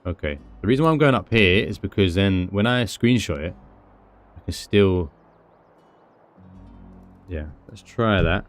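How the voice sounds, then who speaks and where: Brit guy rambling over his game stream, low voice, jokes at himself, bit of music in the back. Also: lively intonation, measured pace, pauses often. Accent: British. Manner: chatty, rambling, self-mocking asides. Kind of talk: casual gameplay commentary.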